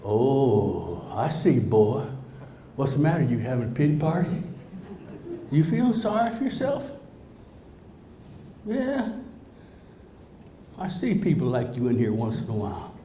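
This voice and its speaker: A man's voice: mid-range voice, very animated, a little slow, long pauses, mellow, slight background noise. A man voicing a big, stern night-shift nurse who scolds and bosses her patient around. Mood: scolding. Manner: scolding, calls him boy. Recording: roomy hall reverb.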